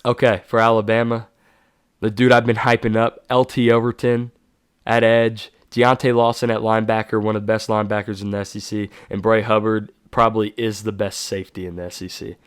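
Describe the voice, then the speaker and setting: A man hosts his own sports talk show, running through game predictions in a casual, offhand way. He often catches and corrects himself mid-sentence, and his voice is smooth and resonant. The close, dry recording leaves no room sound. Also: lowish voice, level tone, a little fast, dry recording. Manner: casual, self-correcting, hyping players.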